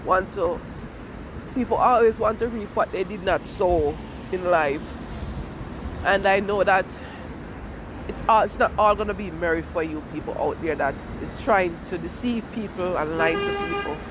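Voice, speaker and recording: A high-voiced man with a Jamaican accent speaks through tears in a tearful, heartfelt monologue. He records on a phone while riding a train, with loud vehicle noise behind him. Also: moderate pace. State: crying. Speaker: immigrant sharing feelings. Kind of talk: emotional personal monologue.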